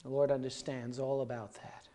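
A preacher in full flow, addressing the congregation with dramatic swings in volume. Loud, urgent pleas give way to hushed, intimate asides. The voice sits at an ordinary middle pitch. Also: little pitch movement, moderate pace. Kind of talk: sermon.

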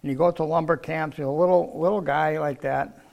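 A man's voice: fairly high pitch, fairly even intonation, fairly quick, vocal fry, dull audio. An older man preaching a sermon, teaching from the Bible in a folksy, conversational way.

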